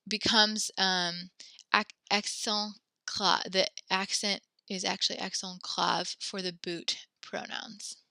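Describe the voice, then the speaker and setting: Bright-toned woman teaching French online. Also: medium pitch, smooth, dry recording. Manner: patient, encouraging, reads French slowly.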